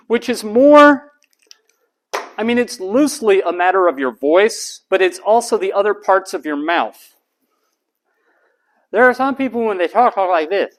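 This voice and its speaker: A man, a college lecturer giving a deliberate lecture and repeating key terms slowly. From United States. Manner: demonstrates voice types, drops to flat low monotone for examples.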